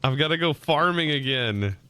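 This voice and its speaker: A man's voice: a little high, expressive, moderate pace, sharp tone, clear, resonant tone. A man streaming a modded building game, chatting loosely with his viewers and rambling about words while he plays. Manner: rambling, chatty, talks to his chat between game tasks. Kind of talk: casual live-stream chat while playing.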